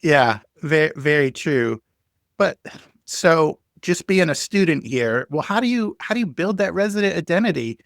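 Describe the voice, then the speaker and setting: A man's voice: fairly high pitch, lively intonation, moderate pace, a bit bright, dry recording, clean studio sound. A man hosting a podcast, asking questions as he thinks them through aloud. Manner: thinks aloud while asking, restarting sentences. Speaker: podcast host. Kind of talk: interview questions.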